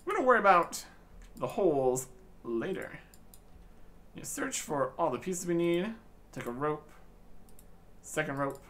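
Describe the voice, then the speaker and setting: A man's voice: on the high side, fairly bright tone. A man narrating his own gameplay with dry, joking commentary as a gaming channel host. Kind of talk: let's-play commentary.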